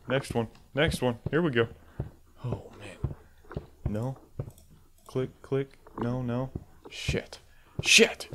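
A man playing a horror game on camera, swearing often and yelping loudly when startled. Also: medium pitch, background noise. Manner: swears a lot, bursts into loud startled yelps. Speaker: let's play gamer.

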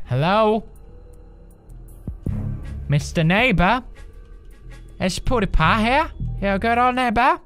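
A man's voice: sits high, animated, slow, long pauses, sharp tone, soft background music. A man in his twenties commentating a horror game, talking to himself, yelping and cursing when scared. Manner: jumpy, screams and swears, talks to himself. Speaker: gaming video host.

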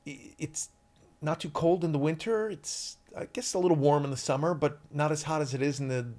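A man's voice: on the high side, a little fast, darkish tone. Man, 40s, East Coast-raised, rambling chatty interview guest. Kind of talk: casual interview chat.

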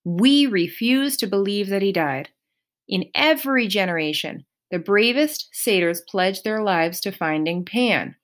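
Give me a woman playing an anxious young satyr boy, earnest and slow-spoken. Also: mid-range voice, expressive, natural voice.

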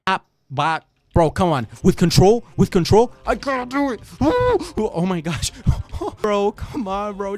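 A young man giving excitable commentary over his own gameplay, talking to the enemy and exclaiming as he plays. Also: fairly high pitch. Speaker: gaming YouTuber.

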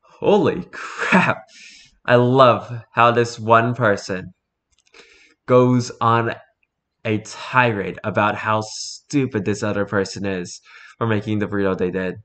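A man's voice: fairly low pitch, takes it slowly, fairly bright tone. A man reading online posts and jokes aloud in a casual comic way, wry, exclaiming and mildly cursing.

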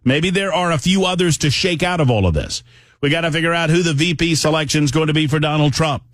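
A man's voice: on the high side, fast, fairly bright tone, no echo, studio quality. A man hosting a political talk radio show, speaking in a conversational, emphatic monologue that often wanders off on tangents.

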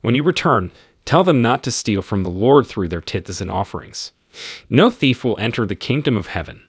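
A damned former church leader pleads with deep remorse, as a man reads him aloud. His low, husky voice moves a lot in pitch. It sounds dry and close. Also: sing-song, normal speed, dry recording. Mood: remorseful.

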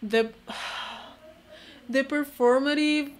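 A young woman from Mexico with vocal fry, reacting to her old posts in a casual, sarcastic, self-mocking way and saying "like" constantly. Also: high-pitched, fairly even intonation, drawn-out words, a little hiss or hum. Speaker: vlogger. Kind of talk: casual commentary to camera.

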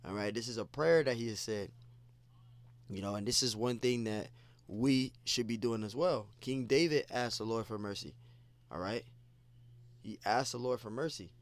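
A man's voice: mid-range voice, normal speed, no room sound. Casual man preaching, dry close sound. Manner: casual, repetitive, peppered with "man" and "you know". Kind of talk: informal scripture teaching.

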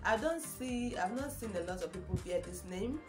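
A young woman with a Nigerian accent talks to camera in an excited, gushing way, repeating herself and exclaiming often. Her voice sits at an ordinary middle pitch. The room is roomy and echoey, with music playing clearly behind her. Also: moderate pace. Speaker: vlogger. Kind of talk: casual chat to camera.

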